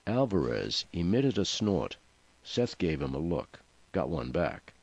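Deep-voiced male audiobook narrator. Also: big pitch swings, a little slow, a little mellow, slightly rough, dry recording. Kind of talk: scripted narration. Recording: dull dry studio sound.

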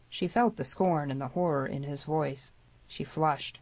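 A woman with a lowish voice narrates a western novel in a steady, measured way. The recording is dry and a little dull. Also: no echo. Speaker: audiobook narrator. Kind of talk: scripted storybook narration.

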